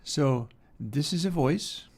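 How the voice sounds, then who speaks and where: A man's voice: a little high, lively intonation, slow pace, vocal fry. A man streaming casual commentary while music plays, enthusiastic with rambling asides. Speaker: streamer discussing music mixing. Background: music playing.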